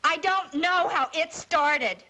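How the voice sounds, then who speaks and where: A woman's voice: very high voice, slow pace, pushed and bright, heavily acted. An actress playing a troubled young girl accused of starting fires, who pleads and sounds close to tears, in 1950s TV drama acting. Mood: desperate. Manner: pleading, frightened, near tears.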